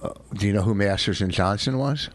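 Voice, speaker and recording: A man's voice: fairly low pitch, brisk, slight background noise. An older man co-hosting a podcast, defensive and sarcastic as he argues with his partner. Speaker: podcast co-host. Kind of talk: casual bickering chat.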